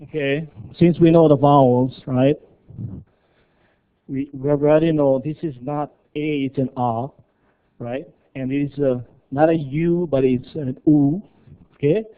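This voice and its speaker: A man leads a seminar at an unhurried pace, voice pitched a little high. He drills sounds over and over and keeps checking that the room is following. The sound is thin and tinny, like a phone line. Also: fairly even intonation, clean tone. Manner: drills pronunciation, checks in with "yeah?" and "okay?". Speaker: workshop presenter. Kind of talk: live seminar teaching.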